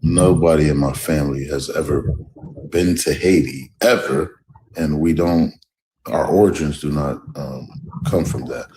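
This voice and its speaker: A man calling into a live stream show, speaking slowly and deliberately in a self-consciously proper way. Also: rumbling low, warm tone, poor audio. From United States. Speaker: caller. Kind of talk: casual live-stream call.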